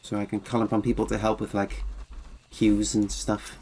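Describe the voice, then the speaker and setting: A man's voice: on the low side, level tone, normal speed, dark tone, husky. A man streaming a game, chatting casually with viewers and reading game dialogue aloud. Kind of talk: casual game livestream chat.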